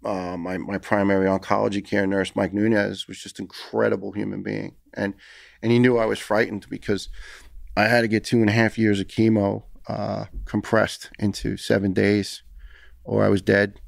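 A man's voice: lowish voice, level tone, moderate pace, creaky, no room sound, studio quality. A man telling a personal story in a podcast interview, earnest and heated, often repeating words as he talks. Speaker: podcast guest, retired firefighter.

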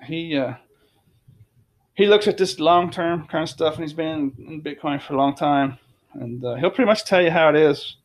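Male host, slightly higher voice, emphatic casual chart commentary with lots of repetition. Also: moderate pace. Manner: emphatic, repetitive, restarts phrases. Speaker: crypto commentator.

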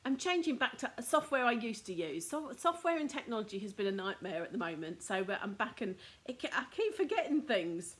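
A woman's voice: fairly high pitch, sing-song, fairly quick, few pauses. A middle-aged woman from the UK hosting a casual live craft demo, chatty with lots of ums. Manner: chatty, frequent ums, laughs at herself. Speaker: card making teacher and host.

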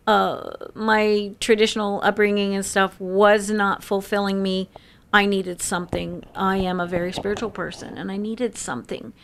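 A woman around sixty telling stories in an interview, lively and laughing often. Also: medium pitch, moderate pace, gravelly. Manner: lively storyteller who laughs often and acts out quoted voices. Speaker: interview guest. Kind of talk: casual storytelling interview.

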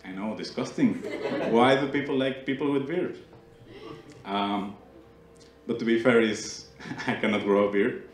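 A young man from Mexico, a native Spanish speaker with a Mexican Spanish accent, does playful stand-up on a small club stage and teases the audience. His voice is lowish and unhurried, heard in roomy club sound with audience laughter.

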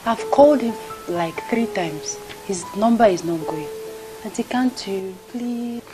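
A woman's voice: mid-range voice, expressive, unhurried, lightly acted, low-quality recording. A young woman with a Nigerian accent playing a student daughter who pleads and protests. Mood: pleading. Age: young adult. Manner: pleading, indignant. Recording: very loud film music behind.

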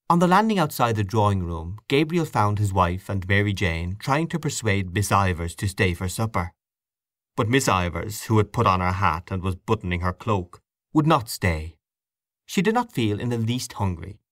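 A man reading an audiobook in a fairly low voice with lively, rising and falling intonation. His narration is measured and expressive. The recording is dry and close. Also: no room sound. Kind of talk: scripted narration.

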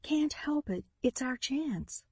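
A woman's voice: sits high, expressive, slow, darkish tone, breathy edge, no room sound, pitched above the performer's own voice, full character voice. A woman reading an audiobook voices a determined young woman in a crisis, speaking with urgent, breathless pleading. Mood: frantic cries.

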